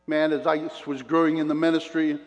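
An older man delivers a sermon as an animated storyteller. He moves between loud bursts and hushed asides. His slightly high voice rings out in a hall with a long reverb tail. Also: brisk, lo-fi sound. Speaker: preacher.

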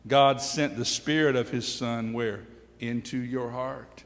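A man's voice: mid-range voice, fairly even intonation, slow pace. A middle-aged man preaching a sermon as pastor, emphatic, with call-and-response questions to the congregation. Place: church sanctuary. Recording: long hall reverb.

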